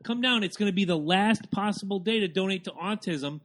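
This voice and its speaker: Loud dude cohosting a podcast, kinda high voice, cusses a lot. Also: male voice, brisk. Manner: loud, excitable, swears freely. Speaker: podcast co-host. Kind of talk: casual chat.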